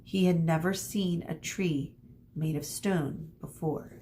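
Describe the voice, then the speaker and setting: A woman teacher reading a chapter book aloud to children, expressive, stopping for asides to her listeners. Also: deep voice, slow, slight background noise.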